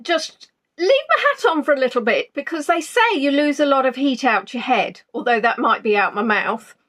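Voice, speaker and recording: An Englishwoman with a somewhat high voice chats away cheerfully from a spare room at home, greeting viewers one by one. Her talk is loose and jolly, full of little ums, as on a home live stream. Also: expressive, moderate pace, a bit bright. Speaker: online tour guide. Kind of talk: casual pre-tour chat on a live stream.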